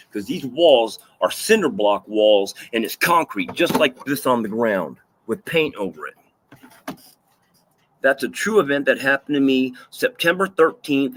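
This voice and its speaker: A man's voice: mid-range voice, fairly bright tone. A man tells a personal story in a loose, rambling way, swearing freely and piling up repeated phrases for emphasis. His voice sits in an ordinary middle range, and he keeps the delivery casual and unscripted. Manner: rambling, profane, with restarts and fillers. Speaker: vlogger recounting a personal story.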